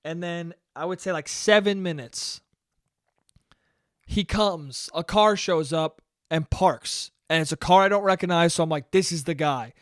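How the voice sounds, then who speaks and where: A young man hosting a podcast, telling a story in a loose, animated way, swearing freely and acting out what people said. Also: on the high side, a little slow, clear, resonant tone, no echo, studio quality. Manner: animated, swears often, acts out quotes. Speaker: podcast host. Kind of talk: casual storytelling monologue.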